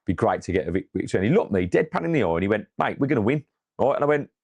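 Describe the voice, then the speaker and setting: A man co-hosting a casual fan chat after a match, telling stories with animated, rising excitement. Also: lowish voice, rapid-fire. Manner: animated storytelling, rises in excitement. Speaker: fan channel co-host.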